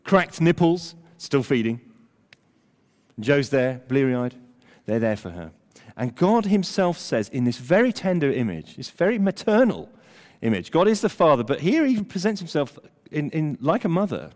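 An older man preaching a sermon, emphatic, at times dropping almost to a hush. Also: a little high, normal speed. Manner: animated, emphatic preaching with dramatic drops to near-whisper. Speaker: pastor. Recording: long hall reverb.

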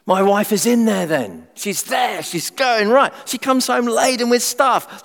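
Middle-aged male preacher, animated and funny, big pitch swings, recorded with long hall reverb. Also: measured pace, gravelly. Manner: animated, humorous, acts out everyday voices. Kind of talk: sermon.

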